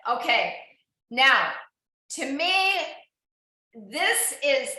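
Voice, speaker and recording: A woman's voice: sits high, normal speed, sharp tone. A woman instructor coaching an indoor cycling class, encouraging riders and checking in on each of them by name. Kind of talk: live online fitness class coaching. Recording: very echoey room.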